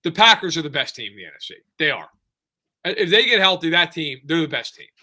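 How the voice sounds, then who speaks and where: Sports podcast guy, really bright tense voice, gets worked up and rants, slightly high. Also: quick pace. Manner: excitable, animated rants with lots of restarts. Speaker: podcast co-host. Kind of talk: casual sports talk.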